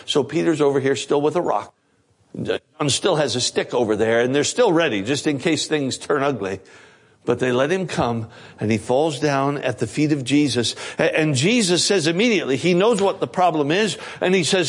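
A man preaching a sermon, retelling a story in a lively way and often repeating words as he starts a phrase. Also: on the high side, normal speed. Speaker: pastor.

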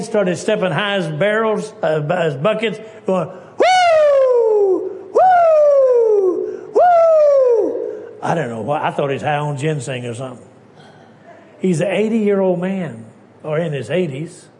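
A man preaches with a voice pitched a little above most men's. He tells his stories emphatically, dropping to a hush and then climbing to loud lines. A faint hiss of noise sits under the recording. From Texas. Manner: emphatic storytelling, swinging from hushed to loud. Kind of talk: sermon.

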